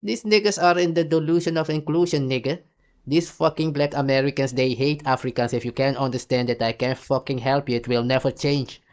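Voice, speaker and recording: A man's voice: medium pitch, steady tone, a little fast. Angry man ranting with rhetorical questions. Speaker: commentator reacting to clips. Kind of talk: heated profane rant.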